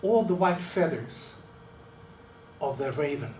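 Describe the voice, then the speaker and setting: A man tells a folk tale as a speech, expressive and dramatic in his delivery. His voice sits fairly high and moves slowly. It is picked up from a distance in an echoing meeting room, with faint noise behind. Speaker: club speaker. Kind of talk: storytelling speech.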